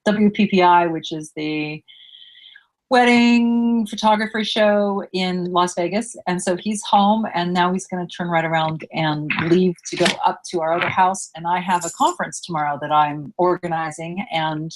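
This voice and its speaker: A woman co-hosting a writing podcast, an author chatting in a relaxed, friendly way and laughing easily. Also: lowish voice, moderate pace, a little hiss or hum. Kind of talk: casual chat.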